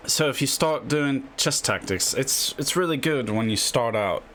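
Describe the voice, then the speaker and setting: A man's voice: medium pitch, animated, unhurried, fairly bright tone, a little hiss or hum. A man hosting a casual chess video, rambling through his tips at his desk and tagging his lines with a questioning "yeah?". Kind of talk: casual screen-share explainer.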